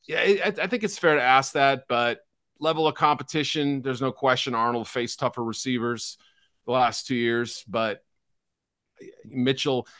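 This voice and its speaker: Bright-voiced middle-aged man talking football. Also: mid-range voice, no echo, clean studio sound. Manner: chatty, hedging, self-deprecating, frequent restarts. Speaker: football draft analyst co-host. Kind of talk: casual sports talk.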